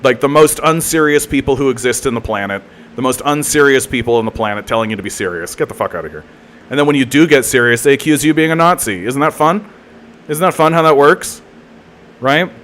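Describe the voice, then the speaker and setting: A man's voice: mid-range voice, quick pace, a bit bright, slight background noise. A Canadian man ranting heatedly on a live political stream, swearing a lot, mocking and repeating himself. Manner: profane, heated, mocking, lots of filler and repeats.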